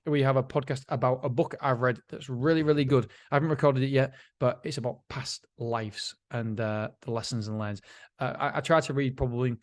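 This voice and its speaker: A middle-aged man hosts his own podcast in a casual, rambling, self-mocking monologue, laughing often. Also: medium pitch. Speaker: podcast host.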